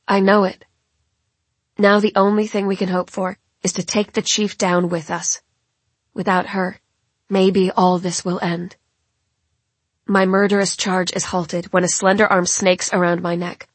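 Breathy woman reading a novel. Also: mid-range voice, level tone, no echo. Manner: measured, dramatic storytelling. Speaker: audiobook narrator. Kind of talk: first-person novel narration.

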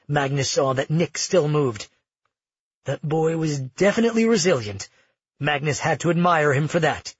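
A man narrating a fantasy audiobook in a husky voice, measured and even. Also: mid-range voice, dry recording, highs cut off.

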